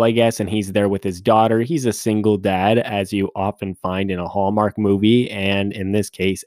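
A man's voice: fairly low pitch, darkish tone, dry recording, studio quality. A man hosting a podcast, recapping a movie in a casual, joking way with rambling asides. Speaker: podcast host.

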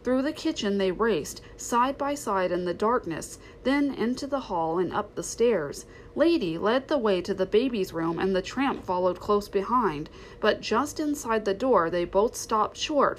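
A woman's voice: medium pitch, unhurried, few pauses, slight background noise, rough recording. Woman reading a storybook aloud. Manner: expressive, steady. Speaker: reader.

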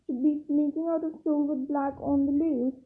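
A woman reading aloud as a clever, earnest teenage girl witch who is quick to scold, in a slow, careful voice. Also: high voice, steady tone. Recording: tinny phone-like sound.

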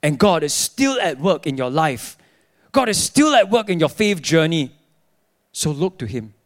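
High-voiced male pastor preaching. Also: measured pace. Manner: animated storytelling, acting out his own dialogue. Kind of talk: sermon.

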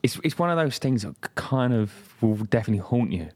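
A man's voice: medium pitch, big pitch swings, quick pace, a little mellow, no echo. A young man chatting casually as a podcast co-host, stammering and restarting his words.

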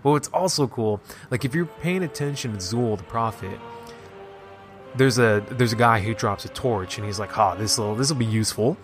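A man at an ordinary middle pitch, chatting excitedly through a game's story. He rambles and leans on "like" as he goes, with faint music under him. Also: normal speed. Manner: excited, rambling, heavy use of "like". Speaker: gaming video host. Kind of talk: casual game story recap.

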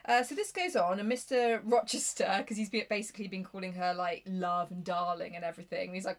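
A woman's voice: mid-range voice, lively intonation, brisk, hardly any pauses. A young woman co-hosting a casual book chat, giggling and swearing as she retells the plot. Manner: giggly, swears often, acts out characters. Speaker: podcast co-host.

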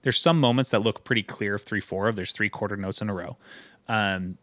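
A man hosting an interview about teaching choir, enthusiastic and quick to laugh. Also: lowish voice, a bit bright, dry recording. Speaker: interview host, choral educator. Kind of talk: casual interview.

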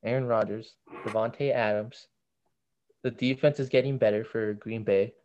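A young man co-hosting a casual sports podcast, measured and analytical as he weighs each matchup. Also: lowish voice, steady tone, a little mellow, dull audio, a little hiss or hum. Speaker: podcast co-host.

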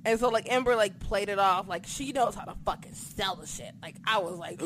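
A woman co-hosting a casual wrestling recap from home, talking in an excitable, profane, animated way. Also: fairly high pitch, quick pace, hardly any pauses, slight background noise. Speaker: podcast co-host recapping wrestling. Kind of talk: casual chat. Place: home apartment.

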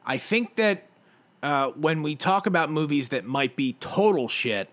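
Lively, dry-witted man. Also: fairly high pitch, measured pace. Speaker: podcast co-host. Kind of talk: casual movie chat.

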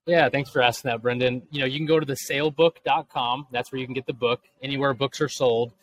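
A man's voice: medium pitch, steady tone, fast, low-quality recording. A man in his thirties, a guest author and speaker, answering earnestly in a podcast interview. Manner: earnest, motivational.

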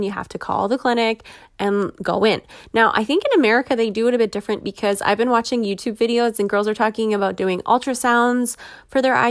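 This personal podcast monologue comes from a woman in her thirties who chats openly, laughs a lot, and doesn't hide her frustration. Her voice is mid-range, and the studio sound is clean and dry.

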